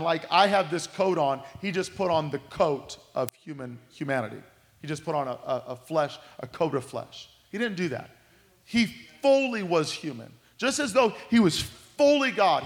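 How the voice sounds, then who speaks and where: A high-pitched male pastor teaches a midweek Bible study, leaning into key words by dropping his voice low and quiet, and repeating phrases for weight. His voice rings with a long reverb that fills a church hall.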